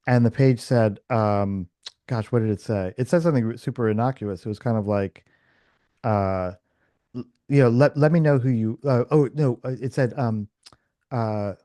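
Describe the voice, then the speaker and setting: A man's voice: mid-range voice, no echo. A man hosting a podcast, telling a story in casual chat, full of restarts and fillers and acting out the dialogue he quotes. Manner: animated, acts out quoted dialogue. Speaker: podcast host.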